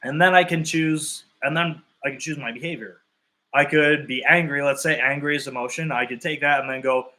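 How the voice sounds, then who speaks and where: A man talks to his fitness clients in a live session. His voice is bright and pushes forward, and his tone stays loose and conversational. He thinks aloud and lays out long what-if examples to make each point. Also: medium pitch, fairly even intonation. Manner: explains through drawn-out hypothetical examples. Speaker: fitness and nutrition coach.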